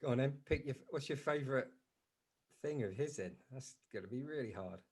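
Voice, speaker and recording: A man's voice: medium pitch, expressive, fairly quick, very noisy. A man co-hosting a podcast, chatting casually and trailing off as he searches for words. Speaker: podcast co-host. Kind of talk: casual chat.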